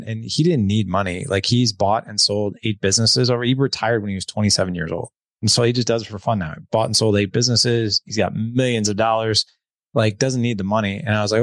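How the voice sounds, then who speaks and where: A middle-aged man with a somewhat low voice, telling a story in casual conversation. He acts out the dialogue with animation, and the recording is dry and close. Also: fairly even intonation, fast talker, vocal fry, no echo. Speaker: podcast guest.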